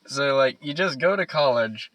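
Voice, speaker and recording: A man's voice: medium pitch, lively intonation, moderate pace, fairly bright tone, no room sound, lo-fi sound. A young man co-hosting a podcast, chatting casually with short, quizzical replies. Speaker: podcast co-host. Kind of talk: casual chat.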